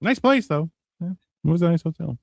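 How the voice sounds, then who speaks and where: A man's voice: on the high side, expressive, moderate pace, vocal fry, dry recording. A man co-hosting a casual movie watch-along, joking and swearing freely. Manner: joking and profane, with mocking voices for characters. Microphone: live stream microphone.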